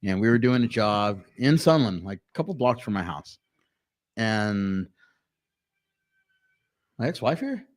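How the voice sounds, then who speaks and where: A man co-hosting a podcast, telling stories in casual chat with lots of swearing and halting restarts. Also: fairly low pitch. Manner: animated, profane storytelling with halting restarts. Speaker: podcast co-host.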